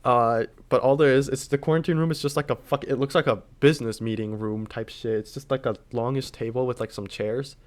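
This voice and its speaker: Brief: young guy, mid-pitched, rambling casual storyteller with constant fillers. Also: steady tone, fairly quick, few pauses.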